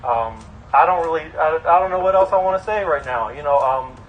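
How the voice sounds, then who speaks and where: A man who is a local government official speaks at an outdoor protest rally, halting and searching for words. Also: on the high side, lively intonation, highs cut off, slight background noise. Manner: hesitant, halting with fillers.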